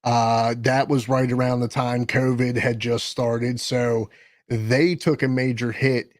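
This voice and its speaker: A man's voice: mid-range voice, little pitch movement, slow pace, no echo. Rambling man with a dry close sound. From Maryland. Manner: rambling, with frequent restarts and self-corrections. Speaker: guest musician and podcast host. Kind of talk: casual interview talk.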